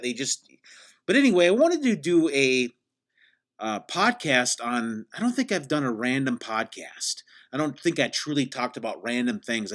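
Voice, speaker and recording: A man hosting a solo podcast, talking sarcastically in a meandering, deadpan way with many restarts. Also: medium pitch. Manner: mock-grandiose hype at the opening. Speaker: podcast host. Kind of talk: rambling solo podcast monologue.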